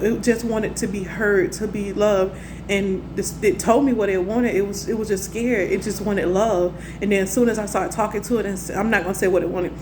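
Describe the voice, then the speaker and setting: A young woman talking to camera in a casual personal monologue. Her talk rambles earnestly, with many restarts. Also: medium pitch. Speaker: spiritual vlogger. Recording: faint background noise from neighbors.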